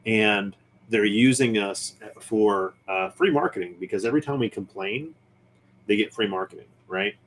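A man's voice: lowish voice, moderate pace, slight background noise. A man hosting a podcast in casual chat, speaking in an opinionated, ranting way. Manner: opinionated, ranting about nerd movies and shows. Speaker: podcast host.

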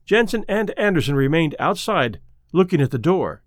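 Lively male storyteller, dry sound. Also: fairly high pitch, moderate pace, no echo. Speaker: narrator. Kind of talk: audiobook narration.

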